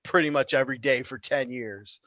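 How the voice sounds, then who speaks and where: A man's voice: mid-range voice, normal speed, pushed and bright, no echo, low-quality recording. A man co-hosting a podcast, joking around and acting out quoted voices in casual banter. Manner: jokey, acts out quoted voices. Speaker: podcast co-host.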